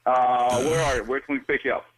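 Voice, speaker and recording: A man's voice: medium pitch, fairly even intonation, a little fast, no echo. A man working as a car service dispatcher on the phone, impatient and confused, asking the same things again and again. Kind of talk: phone call. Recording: dull phone line.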